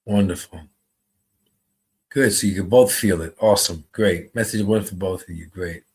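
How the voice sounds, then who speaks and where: A man giving a live online reading as a psychic medium describes his impressions slowly and answers viewers' comments. His voice sits low with a darkish tone.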